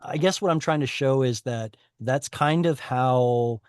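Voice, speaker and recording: A man's voice: mid-range voice, measured pace, a little mellow, clean tone, dry recording, clean studio sound. Chatty man teaching Hebrew over a call. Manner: explanatory, self-correcting, chatty. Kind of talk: online class teaching. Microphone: video call.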